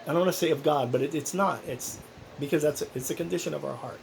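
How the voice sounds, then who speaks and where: A man's voice: on the high side, fairly quick, gravelly, a little mellow, slight background noise, poor audio. A man talking casually in a personal vlog, rambling and earnest, with many restarts. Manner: earnest, encouraging. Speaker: vlogger.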